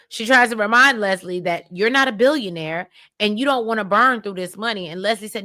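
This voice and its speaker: Woman, vlogger, casual recap, sassy, animated, bright tone. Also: mid-range voice, moderate pace.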